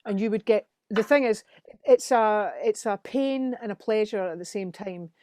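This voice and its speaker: A woman's voice: mid-range voice, normal speed, dry recording. A middle-aged Scottish woman, a musician guest, telling studio stories in casual chat and acting out the quotes. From Scotland. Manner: animated storytelling, acts out quotes.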